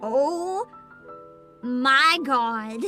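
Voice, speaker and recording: Excitable, giggly woman streamer, very high, lively pitch swings. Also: extremely slow. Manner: excitable, giggly, swears freely. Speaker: VTuber game streamer. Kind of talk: casual live-stream commentary. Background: game music.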